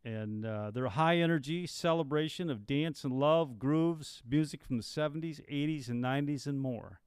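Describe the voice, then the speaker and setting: Upbeat guy cohosting a podcast, smooth clear voice, dry close sound. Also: a little high, normal speed, darkish tone, dry recording. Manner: upbeat, chatty, promotes local events. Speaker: podcast co-host. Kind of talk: casual live podcast chat.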